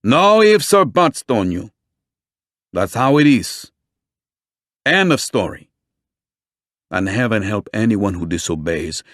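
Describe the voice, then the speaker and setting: A man's voice: lowish voice, big pitch swings, slow, pauses often, a bit bright, dry recording, studio quality, heavily acted. A man voicing a commanding, middle-aged police chief who barks orders to his men. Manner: bossy, authoritative.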